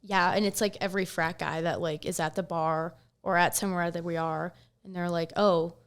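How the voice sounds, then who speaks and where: A woman's voice: on the low side, level tone, brisk, clean tone. A young woman guesting on a podcast in casual chat, agreeing often and swearing casually. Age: young adult.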